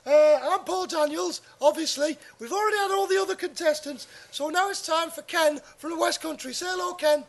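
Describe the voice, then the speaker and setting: A man doing a chirpy, high game show host. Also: brisk, few pauses. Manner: bouncy, chirpy presenter patter. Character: over-eager male game show host, middle-aged, fussy.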